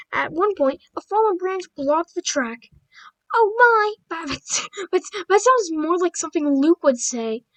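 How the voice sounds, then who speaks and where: A woman's voice: high voice, poor audio. A woman reading children's stories aloud and adding casual commentary, often tripping over words and breaking off for blunt asides. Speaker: video creator.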